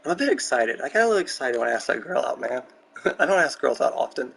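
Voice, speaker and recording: Young male streamer, candid and excitable, rambles through stories in a medium voice; close mic with light background noise. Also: medium pitch, fast talker, creaky, low-quality recording. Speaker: gaming streamer. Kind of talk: casual chat while building in a game. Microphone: close desk mic.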